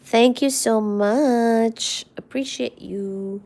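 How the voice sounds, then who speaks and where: Woman streamer, unhurried fond rambling, gravelly fry, trails off to near-whispers. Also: mid-range voice, expressive. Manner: soft, affectionate, rambling, often drops to a near-whisper. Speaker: livestream host. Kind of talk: casual live-stream chat about her cats.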